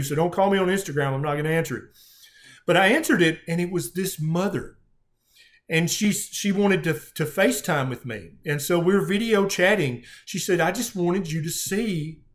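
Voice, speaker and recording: A middle-aged man, a physician telling a patient story in an earnest, emotional way with frequent restarts. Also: fairly high pitch. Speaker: physician guest. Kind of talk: conversational storytelling.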